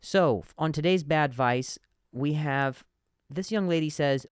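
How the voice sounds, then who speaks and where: A man's voice: on the high side, takes it slowly, hardly any pauses, clean tone, no echo, studio quality. A man hosting a comedy podcast, telling stories in a monologue, with a stutter and frequent repeated words and restarts.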